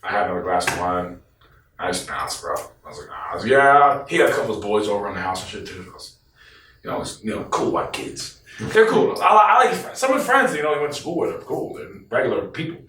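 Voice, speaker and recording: A man's voice: deep voice, quick pace, a little hiss or hum. A man in an interview telling a story bluntly, swearing often and acting out what others said. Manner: blunt, profane, animated retelling with quoted voices. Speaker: interviewee, former team member. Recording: roomy echo, distant from the mic.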